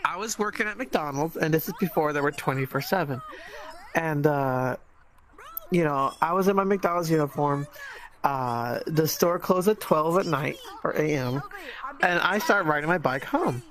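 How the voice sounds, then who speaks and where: A man casually telling a funny anecdote to friends, with wry, sarcastic, deadpan asides. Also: fairly high pitch, moderate pace. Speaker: storyteller.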